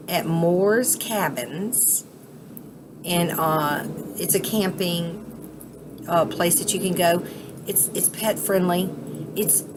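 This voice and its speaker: A woman vlogging casually outdoors at a cabin, chatty and excitable, rambling with fillers. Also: lowish voice, background noise. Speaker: vape vlogger. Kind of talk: casual vlog chat.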